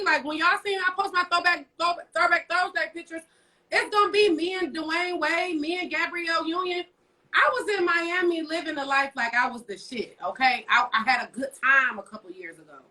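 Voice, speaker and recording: High, bright-voiced woman ranting bluntly. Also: recorded from a distance, low-quality recording. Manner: blunt, profane, storytelling. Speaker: co-host. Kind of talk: casual livestream rant. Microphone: phone livestream.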